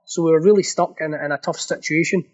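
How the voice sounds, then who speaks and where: A man's voice: fairly high pitch, fairly even intonation, fast talker, lo-fi sound. A Scottish man, a podcast guest, telling a long funny anecdote and often laughing and repeating words as he goes. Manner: laughs through his story, repeats words. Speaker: guest storyteller.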